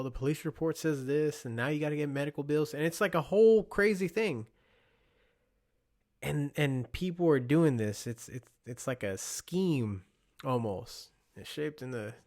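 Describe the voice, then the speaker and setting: A young man hosting a podcast, talking casually on his own in a rambling, storytelling way. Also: mid-range voice. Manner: rambling, conversational, with storytelling asides. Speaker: podcast host. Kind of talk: casual solo monologue.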